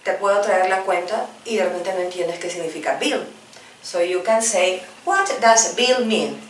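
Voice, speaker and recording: A woman whose first language is Spanish runs a bilingual English lesson, stretching each practice phrase out slowly before hurrying through the explanations. She sits a bit back from the mic, so the room rings around her voice. Faint background noise runs underneath. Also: mid-range voice, animated, roomy sound, far from the mic, poor audio. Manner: slow, over-articulated drill repetitions, quicker Spanish explanations. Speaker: English teacher.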